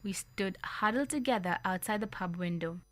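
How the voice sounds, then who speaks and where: A woman reading a storybook aloud on community radio, telling it in an expressive, lively way. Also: mid-range voice, normal speed, no echo. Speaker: story reader.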